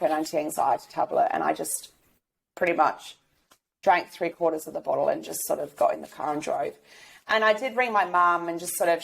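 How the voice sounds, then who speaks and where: A woman speaks openly as a podcast guest. Her voice sits a little low, and she talks in a loose, rambling way, full of restarts and fillers. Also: vocal fry. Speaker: guest sharing lived experience. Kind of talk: candid podcast interview.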